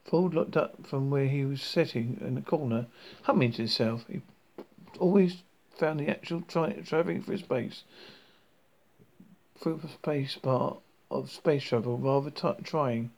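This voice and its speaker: A man reads a novel aloud in a gravelly voice of middling pitch. He stumbles and corrects himself as he goes. The result is a halting, homemade reading. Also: darkish tone, poor audio. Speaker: reader.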